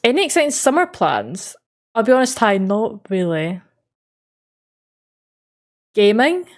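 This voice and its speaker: An Australian woman streamer with a medium-pitched voice speaks a little slowly, her pitch swinging widely. Chatty and easygoing, she reads out and answers live chat messages and laughs often.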